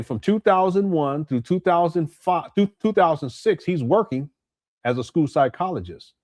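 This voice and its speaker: A man's voice: fairly high pitch, a little mellow, dry recording, clean studio sound. A man hosting a live stream, giving blunt, emphatic commentary and reading viewer super chats aloud, often repeating words as he restarts.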